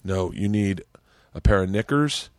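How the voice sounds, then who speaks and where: A man's voice: lowish voice, unhurried, dry recording, clean studio sound. A man hosting a casual podcast chat, talking with enthusiasm and plenty of swearing, often stammering and restarting his sentences. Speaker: podcast host. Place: home studio.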